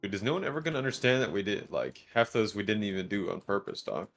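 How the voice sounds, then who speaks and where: A man's voice: fairly low pitch, big pitch swings, quick pace, fairly bright tone, faint music behind. A man playing a tabletop game, joking and sarcastic in casual chat. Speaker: player.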